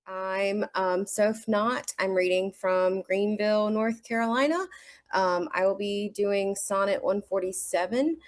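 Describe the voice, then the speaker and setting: A woman with a Southern American accent gives a short, hesitant introduction, then reads a sonnet aloud. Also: mid-range voice. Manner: unhurried, halting introduction with fillers. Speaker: sonnet reader. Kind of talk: poetry reading.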